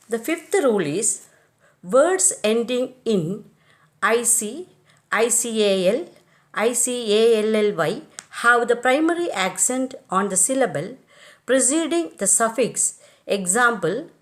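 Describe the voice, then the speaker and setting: A woman's voice: fairly high pitch, animated, slow pace. A woman teacher with an Indian English accent, reading out rules and word lists and spelling letters one by one. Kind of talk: slow dictated lesson.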